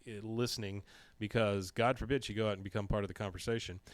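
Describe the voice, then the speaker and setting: A man co-hosting a podcast, recapping an episode in animated, salty storytelling. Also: on the low side, fast talker, no echo. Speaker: podcast co-host.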